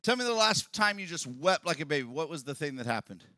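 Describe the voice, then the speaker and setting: Male pastor, sermon delivery, bright and forceful, dry close mic, big swings in volume. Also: on the high side, big pitch swings, fast talker, no room sound. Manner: swings from quiet talk to loud shouted preaching. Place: church hall with congregation.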